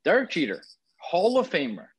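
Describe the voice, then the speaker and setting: A man with a slightly rough, higher-than-average voice speaks at normal speed as co-host of a podcast. Away from home on a trip, he talks about sports cards with lively enthusiasm, correcting himself as he goes.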